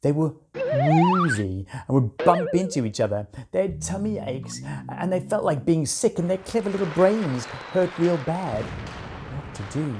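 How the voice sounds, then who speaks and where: A woman narrating a children's storybook in an expressive, animated way. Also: low-pitched, a little hiss or hum.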